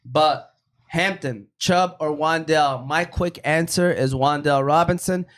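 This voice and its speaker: Chatty fantasy football host, slightly high. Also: male voice, a little slow. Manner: animated, rambling, repeats "by the way". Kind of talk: casual sports talk, reading viewer questions.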